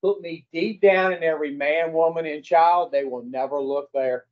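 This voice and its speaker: Calm, matter-of-fact male God figure, high-ish voice, as a storytelling man puts him on; dull lo-fi recording. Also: moderate pace, lightly acted. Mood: calm deciding.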